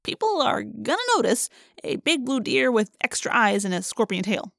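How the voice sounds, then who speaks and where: A woman's voice: on the high side, expressive, moderate pace, gravelly, fairly bright tone, dry recording, heavily acted. A woman doing a sarcastic teenage boy. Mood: wry. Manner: sarcastic, joking. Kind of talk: audiobook reading.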